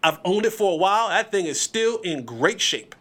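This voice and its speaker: High-voiced, animated sports podcast man. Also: normal speed. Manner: animated, emphatic, repeats words. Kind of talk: solo sports commentary.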